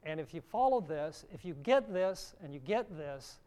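A man's voice: on the high side, lively intonation, normal speed, dark tone. A middle-aged man giving a sermon, teaching earnestly and reading scripture aloud. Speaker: preacher.

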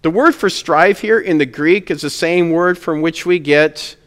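Male pastor, smooth resonant voice pitched a bit high, earnest sermon delivery, long church reverb. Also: unhurried. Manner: earnest preaching, rising to emphatic peaks on key words.

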